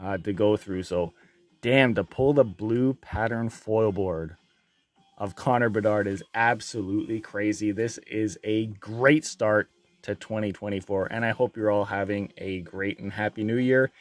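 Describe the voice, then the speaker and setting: A man opening trading card packs on his channel, reading out each card and getting loudly excited and swearing at the big pulls. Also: lowish voice, a little slow, no echo. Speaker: card breaker. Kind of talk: casual card-opening vlog.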